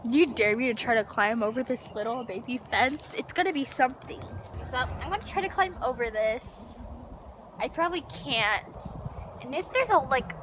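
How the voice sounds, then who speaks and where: A young woman vlogging on her phone in a backyard, excitable and giggly, gasping and sometimes dropping to a whisper. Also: high voice, moderate pace. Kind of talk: casual vlog chatter. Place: backyard outdoors. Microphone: handheld phone. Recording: noisy outdoor phone recording. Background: outdoor ambience with animals.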